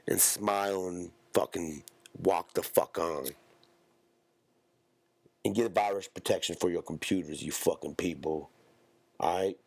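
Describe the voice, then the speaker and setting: A man's voice: low voice, vocal fry, no room sound. A man hosting a solo podcast, rambling in profane, slangy street talk. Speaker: podcast host. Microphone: close podcast mic.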